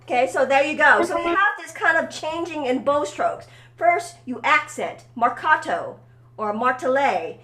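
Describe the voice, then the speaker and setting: Female violin teacher, higher voice, encouraging coaching, room with echo, faint violin behind. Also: animated, measured pace, bright, forceful tone, faint music behind. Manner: encouraging, coaching, keeps checking in with "okay?". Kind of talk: one-on-one violin lesson. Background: faint violin playing.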